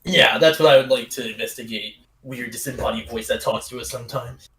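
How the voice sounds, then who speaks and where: Bright-voiced joking male player. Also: mid-range voice, poor audio. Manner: quick, joking, curious questions. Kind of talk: casual tabletop game chat.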